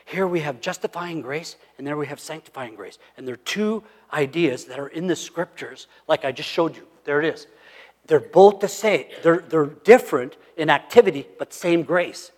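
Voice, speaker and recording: A man preaching a sermon, swinging between loud emphatic lines and hushed asides. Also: on the high side, normal speed. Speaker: pastor. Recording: long hall reverb.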